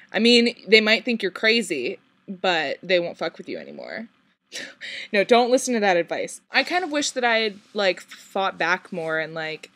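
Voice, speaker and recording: A woman's voice: medium pitch, a bit bright, dry recording. A young woman answering viewer questions in a casual vlog, giggling, swearing freely and rambling with lots of "like". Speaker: vlogger on a shared channel.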